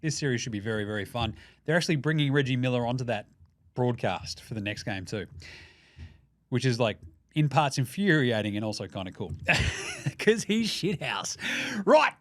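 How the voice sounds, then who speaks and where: Profane Australian sports podcast host. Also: male voice, medium pitch, moderate pace, long pauses, no echo, studio quality. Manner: profane, jokey, animated. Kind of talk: casual sports commentary.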